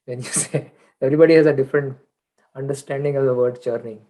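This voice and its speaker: Male student in a casual study chat, friendly and agreeable, mid-pitched. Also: steady tone, fast, warm tone, rough recording. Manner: friendly, agreeable, laughs between words. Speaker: student asking questions. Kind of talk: informal discussion.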